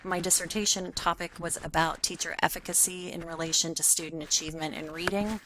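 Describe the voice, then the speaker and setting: A woman's voice: fairly low pitch, steady tone, a little fast, bright, forceful tone, slight background noise, rough recording. A woman giving a recorded self-introduction for a class, speaking hesitantly and stumbling over her words with fillers. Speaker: faculty member taking a graduate class.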